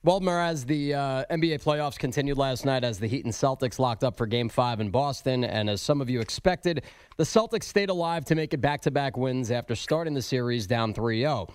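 A man's voice: mid-range voice, expressive, normal speed, clean tone, dry recording, studio quality. A man on a sports radio show, teasing in banter and reading the sports update in a plain, chatty way. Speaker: sports update anchor and co-host.

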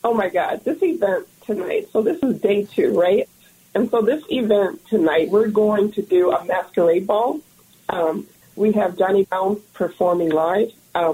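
A woman's voice: medium pitch, dark tone, husky, low-quality recording. A woman guest on a radio talk show, speaking with enthusiasm about her lounge's event. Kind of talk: radio interview.

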